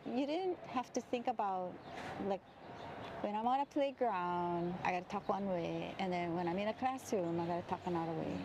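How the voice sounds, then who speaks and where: Woman from Hawaii, gravelly voice, reminiscing interview, noticeable background noise. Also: mid-range voice.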